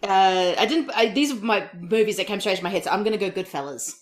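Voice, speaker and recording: A woman's voice: mid-range voice, fast. Woman guest on a movie podcast, laughs a lot, voice bounces around. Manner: laughs often, animated. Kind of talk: casual chat.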